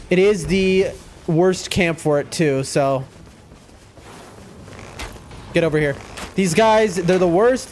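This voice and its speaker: A man live-streaming a video game, chatting excitedly with his viewers. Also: sits high. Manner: excitable, chatty, talks to chat. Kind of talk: live gameplay stream chat.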